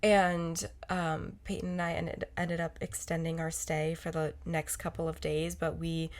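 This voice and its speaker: A woman's voice: low voice, level tone, measured pace. A young woman co-hosting a podcast in casual chat, rambling and correcting herself as she goes. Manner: rambling, self-correcting, lots of fillers. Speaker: podcast co-host.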